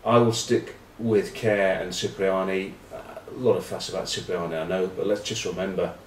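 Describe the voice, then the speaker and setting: A low-voiced man hosts a casual rugby vlog, rambling on with wry, cheeky asides. He sits back from the mic, and his voice carries in a roomy, echoey space. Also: steady tone, moderate pace, a little hiss or hum. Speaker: rugby pundit and vlog host. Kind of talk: casual rugby chat to camera. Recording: roomy echo, distant mic.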